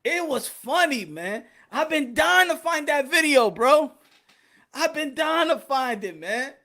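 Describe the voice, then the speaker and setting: Animated, high-voiced man telling stories. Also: measured pace. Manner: animated, profane, laughing often. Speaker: podcast host. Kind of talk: casual storytelling.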